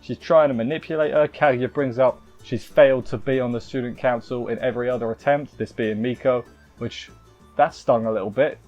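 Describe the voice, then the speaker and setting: A man's voice: medium pitch, fairly even intonation, brisk, darkish tone, highs cut off, faint music behind. A man casually reviewing an anime episode, rambling and restarting with wry asides.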